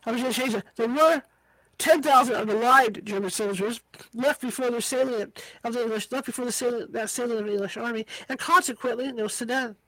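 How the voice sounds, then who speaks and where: A woman's voice: a little high, a little fast, fairly bright tone, no echo, low-quality recording. A woman reading a book aloud as an amateur reader, tripping over hard words and slipping in casual asides. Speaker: audiobook reader.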